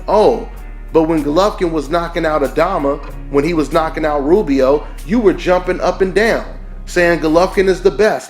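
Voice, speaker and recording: A man's voice: a little high, normal speed. Emphatic man ranting over faint music. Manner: emphatic, repeats points, rhetorical "right?". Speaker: boxing channel host. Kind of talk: opinionated commentary rant. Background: faint background music.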